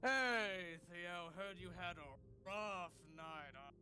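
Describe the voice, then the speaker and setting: A man's voice: high voice, lively intonation, slow pace, bright, forceful tone, soft background music, full character voice. A man voicing a blunt, suspicious male adventurer who teases and scolds his friend in a tabletop game. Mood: teasing.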